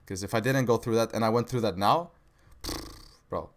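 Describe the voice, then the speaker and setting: A young man running a live trading stream talks casually to viewers and reads their questions, using slang and repeating "bro" and "right." His lowish voice comes at normal speed, with a little hiss or hum in the background.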